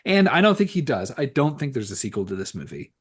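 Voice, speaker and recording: Another male co-host joins the loose, profane horror-movie chat, full of "like" and false starts. He speaks fast and very animatedly at a medium pitch, with a breathy edge.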